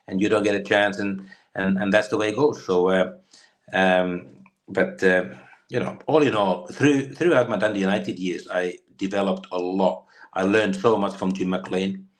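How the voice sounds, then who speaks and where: Finnish ex-footballer, 50s, deep voice, loose anecdotal delivery with lots of ums. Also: male voice. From Finland. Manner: rambling, many fillers and restarts. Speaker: guest, former footballer. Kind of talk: storytelling interview.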